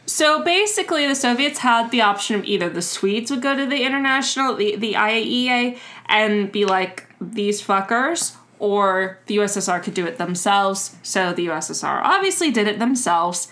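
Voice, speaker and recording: A woman's voice: medium pitch, expressive, normal speed, a bit bright. A woman co-hosting a casual podcast, telling a story with acted-out quotes and casual swearing. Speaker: podcast co-host.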